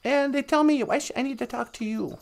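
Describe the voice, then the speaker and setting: Timid naive tiny cub, read by a woman, earnest and gravelly-high. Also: brisk, a little mellow. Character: small timid naive stuffed bear cub.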